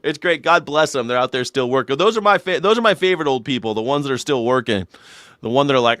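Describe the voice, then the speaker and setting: A man's voice: mid-range voice, animated, fast talker, a bit bright, no echo, studio quality. A man hosting a news reaction show, rambling and joking with profanity and silly voices. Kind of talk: casual comedic commentary.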